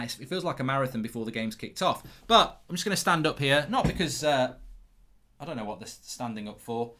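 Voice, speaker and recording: Male football-channel host, teasing banter, rapid restarts, average pitch. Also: sharp tone. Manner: banter-filled, teasing, chatty with stammered restarts. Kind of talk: live football watchalong commentary.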